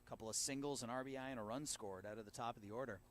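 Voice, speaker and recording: A man doing live play-by-play of a high school baseball game from an outdoor field, steady and rising sharply on big plays. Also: rapid-fire. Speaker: play-by-play announcer.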